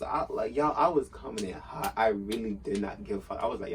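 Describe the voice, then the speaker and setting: Low-voiced man, casual animated storyteller, slightly distant mic with faint hiss. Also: brisk, hardly any pauses. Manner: animated, acts out quotes in raised voice.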